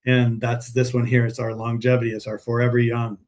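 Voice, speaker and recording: A man's voice: mid-range voice, completely flat delivery, fairly quick, darkish tone. A man chatting casually on a live stream while packing orders, telling rambling stories in a friendly sales manner. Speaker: herbal pet supplement seller.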